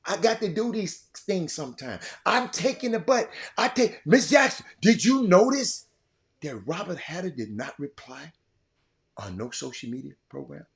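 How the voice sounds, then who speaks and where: An older man with a drawl delivers a heated monologue as a show host, his fairly high voice leaping all over its range. He repeats words and swings from loud outbursts to quiet musing. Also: very animated, normal speed, vocal fry. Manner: fiery, repetitive, swinging from shouting to quiet. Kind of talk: impassioned monologue.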